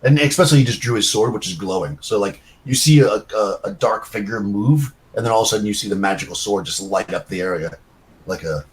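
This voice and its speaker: Lowish-voiced male game master. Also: fast, slight background noise, poor audio. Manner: loose, chatty rulings with many fillers. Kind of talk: running a tabletop game.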